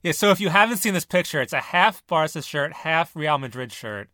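Bright dry-sounding podcast host man. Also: on the high side, animated, no echo. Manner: leads the talk, asks questions, quick quips. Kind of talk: casual football banter.

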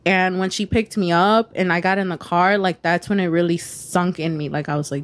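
A woman's voice: fairly low pitch, steady tone, moderate pace, few pauses. A woman in her twenties, a podcast guest telling a personal story in a candid, casual way, swearing freely and filling her talk with "like" and "you know". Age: 20s.

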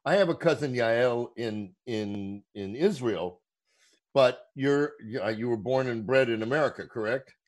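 A man's voice: mid-range voice, measured pace. A man co-hosting an interview, dropping joking asides. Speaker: co-host. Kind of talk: casual interview.

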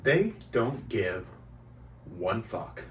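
Comedy podcast host, male, mid-pitched, lively and teasing; recorded roomy and off-mic. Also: distant mic. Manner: teasing, drawn-out explaining. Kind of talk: casual comedy chat.

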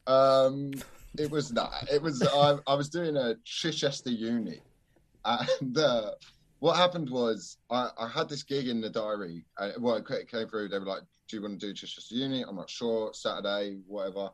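A man's voice: medium pitch, moderate pace. A man, a stand-up comedian telling a gig story in casual podcast chat, swearing freely and laughing often.

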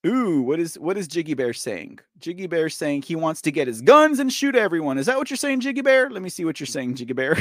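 A man's voice: a little high, a little fast, no echo, studio quality. A man hosting a political news livestream, chatting and joking with viewers in the chat, teasing them and laughing often. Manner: animated, laughing, teasing, talks straight to viewers. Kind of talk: casual livestream commentary talking to the chat.

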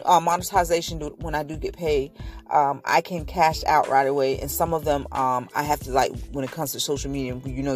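A woman's voice: low voice, darkish tone. A woman in her fifties sharing a faith testimony in a casual vlog, earnest and emotional, often repeating herself.

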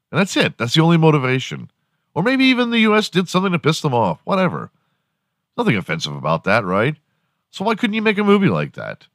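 A man's voice: medium pitch, fast, no echo, clean studio sound. A man hosting a podcast, ranting casually with lots of swearing and laughter. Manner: profane, animated, laughs often. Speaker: podcast host. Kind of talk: casual comedic rant.

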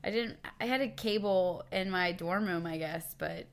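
A woman's voice: lowish voice, normal speed. A woman in her thirties co-hosting a podcast in casual chat, curious and full of questions, laughing often. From United States. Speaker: podcast co-host.

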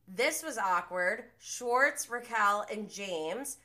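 Female podcast host with a crisp, forceful tone, gossiping and opinionated through a casual TV recap. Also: medium pitch, animated, slow pace. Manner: gossipy, opinionated, swears freely.

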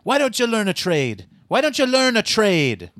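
A man imitating an old woman with a rough put-on Jamaican accent, yelling the same scolding question over and over. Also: wildly swooping pitch, normal speed, no room sound, clean studio sound, full character voice. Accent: put-on Jamaican, not convincing. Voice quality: shrill scolding repeated question.

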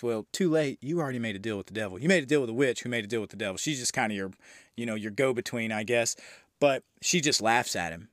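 A man's voice: medium pitch, fast, fairly bright tone, no room sound, clean studio sound. A man hosting a movie review podcast, recapping a horror film in a loose, enthusiastic way with frequent fillers and the odd swear.

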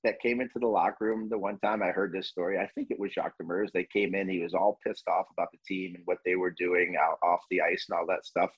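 A man guest on a podcast, a former pro hockey player, talking in an excitable way, repeating himself and cutting in. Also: sits low, fast talker, few pauses, husky, dry recording, highs cut off. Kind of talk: casual chat.

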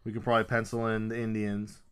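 A man in a casual sports chat who talks excitably, swears freely and rattles off lists of teams. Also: on the low side, fast, clean tone.

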